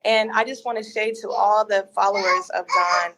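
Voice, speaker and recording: A woman's voice: mid-range voice, steady tone, moderate pace, fairly bright tone, a little hiss or hum. A woman guest on a podcast, speaking earnestly and encouragingly about faith. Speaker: podcast guest, lifestyle coach. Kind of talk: heartfelt testimony.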